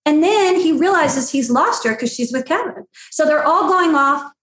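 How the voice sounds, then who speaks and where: A middle-aged woman matchmaker telling stories in an animated, blunt and profane way, playing out quotes in a shrill voice. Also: normal speed, echoey room. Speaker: matchmaker guest. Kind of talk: animated storytelling chat.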